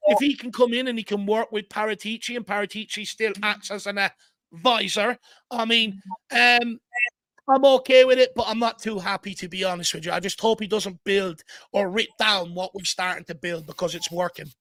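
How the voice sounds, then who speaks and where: An Irish man hosting a fan live stream in casual chat, shouting out viewers by name. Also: high voice, fairly even intonation, normal speed, no room sound. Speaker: fan channel host.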